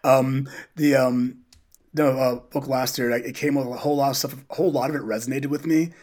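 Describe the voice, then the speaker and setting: A man who coaches high school runners, a podcast guest telling stories in a casual, animated way and acting out what people said. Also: brisk. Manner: animated, quotes people in dialogue. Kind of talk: casual interview storytelling.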